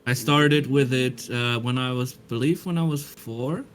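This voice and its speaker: A man's voice: mid-range voice, unhurried. A man whose first language is German, teasing and laughing often in casual chat as a tabletop game player on a home mic.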